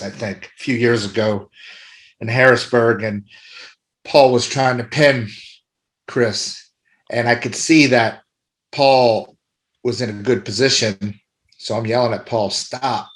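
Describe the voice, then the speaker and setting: A middle-aged man talking casually as a podcast guest, warm and rambling, often repeating himself. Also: medium pitch. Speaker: podcast guest, arm wrestler.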